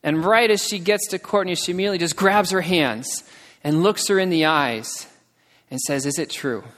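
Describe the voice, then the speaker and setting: A man's voice: moderate pace, fairly bright tone. Storytelling man in a reverberant hall. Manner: emotional storytelling, acts out quotes with raised pitch. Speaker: missionary speaker. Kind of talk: sermon storytelling. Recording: long reverb of a large hall.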